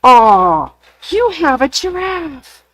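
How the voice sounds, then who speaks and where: A woman's voice: high-pitched, sing-song, extremely slow, fairly bright tone, a little hiss or hum, poor audio. A woman hosting a sewing shop's live show, gushing over craft samples and telling corny jokes in casual chat.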